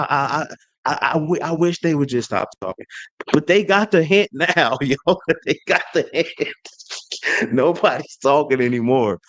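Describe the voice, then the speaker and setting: Man ranting as a sports fan. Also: a little high. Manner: animated trash talk with slang and restarts. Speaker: sports channel host. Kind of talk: fan rant to camera.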